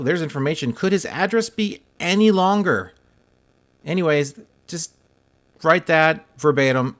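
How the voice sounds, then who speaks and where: A man's voice: medium pitch, a bit bright. A man vlogging about his sports card mail, talking casually with lots of filler words and wry, self-deprecating humor. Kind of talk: casual chat while opening mail.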